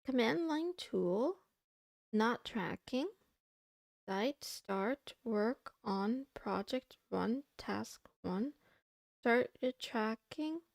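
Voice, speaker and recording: A woman's voice: a little high, lively intonation, drawn-out words, gravelly, dry recording, studio quality. A young woman streaming from her desk, chatting playfully with her chat while she works through coding tasks. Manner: playful, talks to chat while working, giggly. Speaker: VTuber streamer. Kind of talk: casual coding livestream chat.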